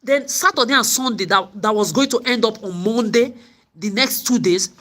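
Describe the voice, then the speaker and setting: A woman's voice: fairly high pitch, moderate pace, a bit bright. A woman vlogger telling her story in an angry, profane rant, often repeating and stumbling over words. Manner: profane, repetitive stammering.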